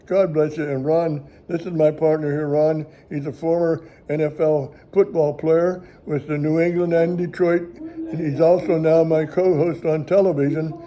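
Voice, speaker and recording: Folksy grammar and frequent chuckles mark this meandering story from an older American ministry TV host. He speaks at an ordinary pace in a mellow, rather high voice that barely moves in pitch.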